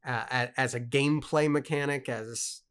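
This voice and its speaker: A man's voice: mid-range voice, fairly even intonation, moderate pace, a bit bright, clear, resonant tone. A man co-hosting a casual book club, reading aloud and reacting emphatically, stammering when he is worked up.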